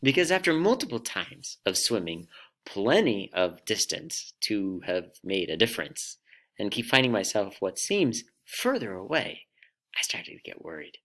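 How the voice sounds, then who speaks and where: A man giving a reflective personal storytelling talk, pausing dramatically between short phrases. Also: lowish voice, very animated, a bit bright. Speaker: storyteller speaker.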